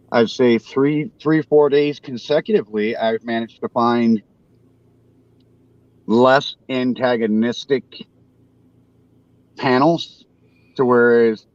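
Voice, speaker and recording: A man in his forties hosting a casual live panel, talking haltingly and poking fun at himself. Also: medium pitch, dry recording, dull audio. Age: 40s. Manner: halting, self-deprecating, restarts often. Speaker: show host.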